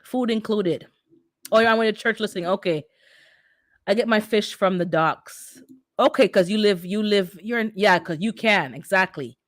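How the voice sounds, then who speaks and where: A middle-aged woman who immigrated to North America hosts a casual livestream, reading the chat and responding to her viewers' comments. Her medium-pitched voice moves at normal speed, with clean studio sound and no room sound.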